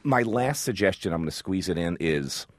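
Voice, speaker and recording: A man with a low voice talks in a lively, rambling way, piling up restarts as his enthusiasm runs ahead of him. The sound is dry and close, like a radio studio line. He keeps it casual and chatty. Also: moderate pace, dry recording. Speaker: food radio host as guest.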